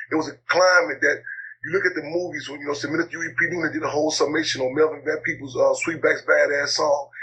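A man being interviewed, talking casually in a halting way, often repeating words and using fillers, his voice a bit worn. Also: on the high side, pushed and bright. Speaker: interview guest, activist. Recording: slightly dull lo-fi audio, faint noise.

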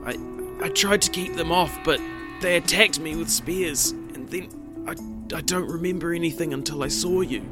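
A man voicing a cunning young man who pretends to be badly wounded, speaking weakly and haltingly in a storytelling podcast. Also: a little high, music in the background, pitched above the performer's own voice, close to an everyday voice. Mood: feigned weakness. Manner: weak, halting speech.

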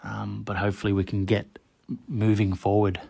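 Gravelly-voiced man hosting a podcast. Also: on the low side, completely flat delivery, moderate pace, warm tone, no room sound, studio quality. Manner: chatty, addresses listeners directly by name. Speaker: podcast host. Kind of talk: casual solo podcast monologue.

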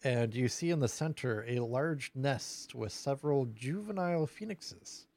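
A man narrating as game master of a tabletop game, casual and halting, full of fillers. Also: medium pitch, expressive, gravelly, darkish tone, no echo.

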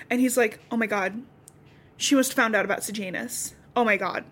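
A woman's voice: fairly high pitch, a little fast, a bit bright. A young woman co-hosting a podcast, casually recapping a novel and acting out the characters' lines as she goes. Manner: chatty, acts out dialogue in quotes. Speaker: podcast co-host.

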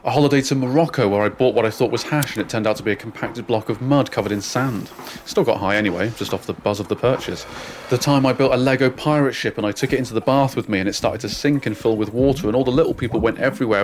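A man narrating a comic first-person story with a deadpan, wry delivery and dry asides. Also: lowish voice, fast talker, slight background noise.

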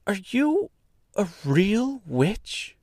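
Brief: man putting on a high, timid little farm girl for a storybook, slow and hesitant. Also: very animated, a little mellow, no echo, studio quality, full character voice. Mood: wondering. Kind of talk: storybook reading.

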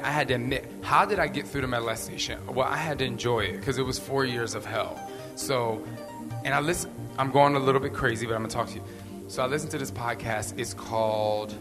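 Earnest rambling man in a reverberant hall. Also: medium pitch. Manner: earnest, rambling, repeats phrases for emphasis. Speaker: podcast host. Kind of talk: candid motivational talk.

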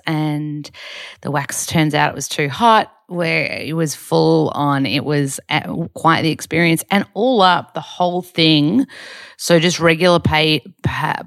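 A woman's voice: deep voice, vocal fry, dry recording, studio quality. A young Australian woman in casual vlog chat, chatty and rambling with lots of fillers. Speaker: vlogger.

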